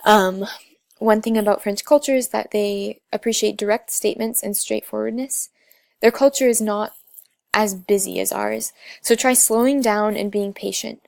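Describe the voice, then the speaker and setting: Young woman, student presenter, gravelly tone, dry close mic, explains slides with many ums. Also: medium pitch, steady tone, normal speed, darkish tone, no echo.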